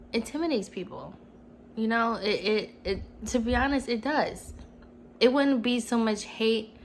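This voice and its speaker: A woman's voice: on the high side, a little hiss or hum, low-quality recording. Earnest young woman vlogging from home. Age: 20s. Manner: earnest, emotional, rambling with many "you know"s. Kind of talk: casual personal vlog. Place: at home, TV on mute.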